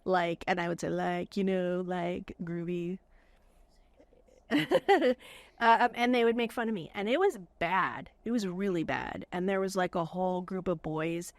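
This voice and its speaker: A woman's voice: mid-range voice, animated, normal speed, dry recording. A middle-aged woman from California hosting a podcast, talking in an earnest, chatty way with lots of fillers. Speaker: podcast host. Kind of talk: casual chat with guests.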